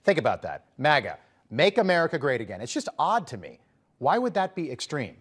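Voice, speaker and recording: A man's voice: fairly high pitch, huge pitch swings, fairly quick, breathy edge. A man hosting a political commentary show, talking in a conversational, emphatic way with sarcastic asides.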